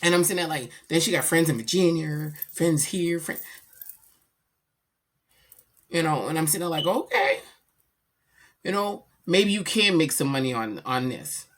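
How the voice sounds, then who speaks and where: A middle-aged woman chatting casually about her daughter, animated and slangy as she tells stories. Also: sits low, normal speed. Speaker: vlogger, mother. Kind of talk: casual chat.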